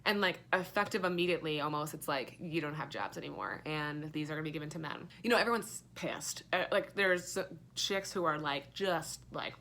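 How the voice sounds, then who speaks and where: A woman's voice: low-pitched, a little fast, few pauses, sharp tone, a little hiss or hum. A young woman giving a casual, rambling book review, sarcastic and full of fillers and swearing.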